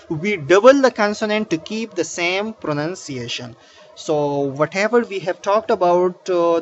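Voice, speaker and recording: High-voiced man teaching English grammar. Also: muffled recording, a little hiss or hum. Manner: explains slowly with many fillers and restarts. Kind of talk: grammar lesson.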